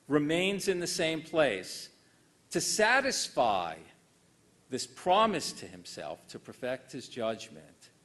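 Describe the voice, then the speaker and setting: Formal and measured, with dry wit and a lively pitch, this older American man delivers a lecture in a lecture hall.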